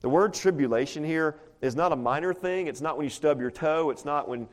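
Here a pastor's voice sits on the high side and moves briskly. He preaches to the congregation at church in a conversational, chatty way, with plenty of rhetorical questions.

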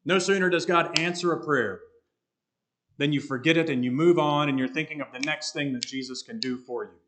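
A man preaching an expository sermon, earnest and emphatic, slowing down to stress key words. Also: a little high, a bit bright, a little hiss or hum. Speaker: pastor.

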